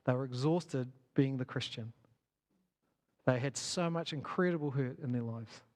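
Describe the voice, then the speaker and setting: A man's voice: mid-range voice, normal speed, a little mellow. A man giving a conversational talk to a church gathering as a church leader, asking the audience questions and poking fun at himself. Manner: conversational, self-deprecating, asks the audience questions. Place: church hall.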